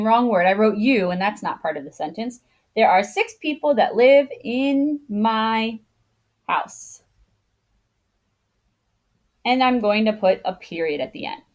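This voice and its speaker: Patient woman teacher, slightly high voice. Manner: patient, explains step by step; acts out intonation with exaggerated pitch jumps. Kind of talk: online grammar lesson for children.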